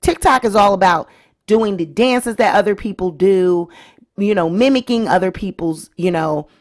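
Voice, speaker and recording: A woman's voice: mid-range voice, normal speed. Woman doing casual commentary on her channel, chatty, opinionated, talking right to viewers. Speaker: vlog host. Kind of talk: casual celebrity-news commentary.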